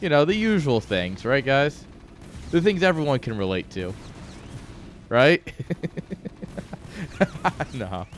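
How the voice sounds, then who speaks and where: A man's voice: mid-range voice, sing-song, takes it slowly, long pauses, a little hiss or hum. A man casting a strategy game on a live stream, rambling off-topic, joking and swearing freely. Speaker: game caster. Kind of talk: casual live-stream commentary.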